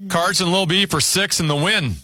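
A man hosting a word game show, briskly announcing scores, clues and whose turn it is. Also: sits high, bright, forceful tone, no echo, studio quality, soft background music.

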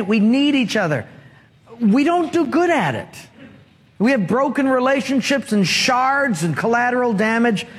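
A pastor preaching through stories and questions tossed back to the congregation. His voice is high for a man and his pace unhurried. A long hall reverb trails every phrase. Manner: storytelling, asks the congregation questions. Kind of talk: sermon.

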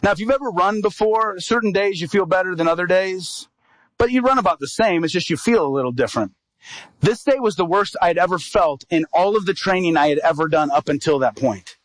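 Evangelist guy preaching a story, kinda high voice, acts out all the lines, super dry close sound. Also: fairly quick, dry recording, low-quality recording. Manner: animated storyteller, acts out quoted dialogue. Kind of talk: sermon storytelling.

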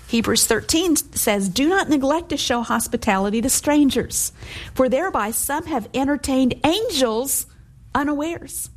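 A middle-aged woman teaching from the Bible with earnest warmth of conviction and a conversational flow. Her voice sits a little high, and she moves easily between everyday asides and quoted verses. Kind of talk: devotional teaching.

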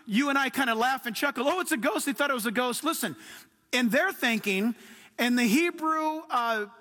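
Man preaching, really high voice, drawn out and emphatic, long echo like a big church. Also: normal speed, bright, forceful tone. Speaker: pastor. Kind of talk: sermon. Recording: long hall reverb.

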